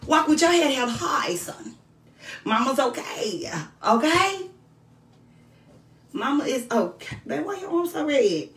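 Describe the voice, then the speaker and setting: A woman voicing a tender mother who soothes her son in a hushed, coaxing way. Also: sits high, distant mic. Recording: roomy sound from off the mic.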